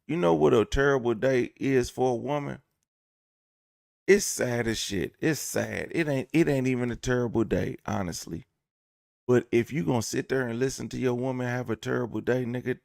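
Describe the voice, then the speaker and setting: A man's voice: mid-range voice, gravelly, a little mellow, no room sound, clean studio sound. A man giving a casual, profane, joking storytime rant to his viewers, rambling and acting out bits of dialogue. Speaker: vlogger.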